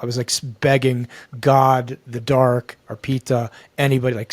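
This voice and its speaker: A man, a guest on a podcast, telling a personal story in an earnest, halting way that repeats and restarts phrases. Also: medium pitch, level tone, no room sound. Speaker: guest, men's coach.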